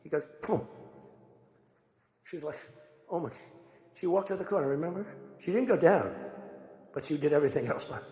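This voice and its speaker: An older man giving a rambling, conversational speech to a crowd, telling animated stories as he goes. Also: fairly high pitch, brisk, long pauses. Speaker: political speaker. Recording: echoey hall with long reverb.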